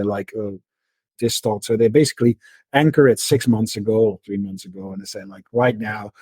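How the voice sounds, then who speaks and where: A middle-aged man with a husky, slightly breathy voice speaks as a podcast guest. He explains his ideas in a loose storytelling manner, stumbling over and repeating words as he goes. The recording is dry and close, with no room sound. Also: lowish voice, no echo. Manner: repeats words and restarts often, relaxed storytelling. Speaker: podcast guest, market analyst. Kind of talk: conversational interview.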